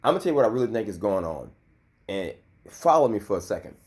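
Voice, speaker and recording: A man's voice: lowish voice, very animated, fast talker, a little mellow. A man in his thirties giving a loose, heated and profane commentary rant, full of filler. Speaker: vlogger.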